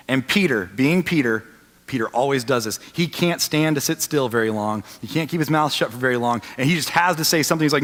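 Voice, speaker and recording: A man in his thirties preaching a sermon as a pastor, telling the story and swinging from loud to hushed. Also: medium pitch, a little fast. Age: 30s. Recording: long reverb of a large hall.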